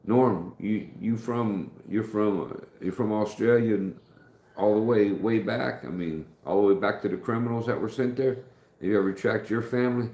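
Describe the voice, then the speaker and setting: A middle-aged US man hosts a live stream in an echoey space, his voice on the low side and darkish, at normal speed. He rambles casually through stories, acting out the dialogue he quotes.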